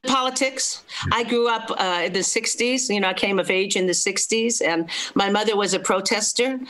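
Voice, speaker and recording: An older woman, a film critic, talks freely in a relaxed interview. Her speech is chatty and full of quips and laughs. She is from Los Angeles. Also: medium pitch, moderate pace, rough recording. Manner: chatty, laughing, self-deprecating humor. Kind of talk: casual interview chat.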